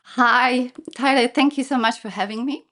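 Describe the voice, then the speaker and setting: A woman's voice: fairly high pitch, moderate pace, a bit bright. A woman from Poland with a mixed Polish and English accent, a kids ministry leader speaking earnestly in a casual podcast interview. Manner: earnest, practical, searching for words.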